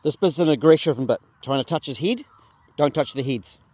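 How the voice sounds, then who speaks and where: A man's voice: on the high side, moderate pace, a little mellow, dry recording. A New Zealand man who farms sheep, chatting casually outdoors in a paddock, explaining things and talking to his animals. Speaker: sheep farmer and video host. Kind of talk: casual outdoor farm vlog.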